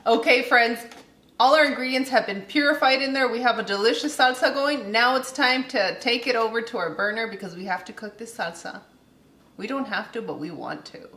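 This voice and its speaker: A woman's voice: on the high side, brisk, pushed and bright, slight background noise. A woman hosting a casual home cooking demonstration, chatty and giggly, talking the viewers through each step. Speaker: cooking show host. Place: home kitchen with frying food.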